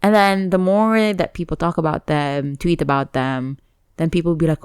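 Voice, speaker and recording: Low-voiced woman chatting on a podcast. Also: normal speed, smooth, no room sound, clean studio sound. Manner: chatty, laughs often, animated. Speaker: podcast co-host. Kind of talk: casual chat.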